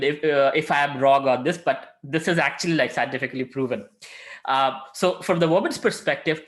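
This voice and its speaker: A man's voice: fairly high pitch, fairly bright tone. Man giving a chatty spiritual lesson. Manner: conversational, many filler sounds, acted quotes. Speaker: spiritual lecturer and mentor.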